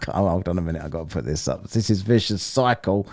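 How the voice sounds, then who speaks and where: A man's voice: deep voice, brisk, a little mellow. A man from England hosting a livestream, talking in sweary, mocking casual banter. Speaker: livestream host.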